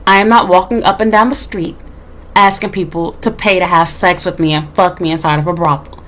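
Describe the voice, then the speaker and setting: A woman's voice: lowish voice, fairly even intonation, brisk. Sassy, blunt woman ranting. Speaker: YouTuber. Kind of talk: casual rant to camera. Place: home in Japan.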